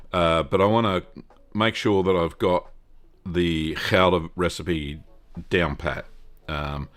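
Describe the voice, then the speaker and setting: An Australian man hosting a live-stream Q&A, talking in a rambling, casual way full of fillers and greeting viewers by name. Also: sits low.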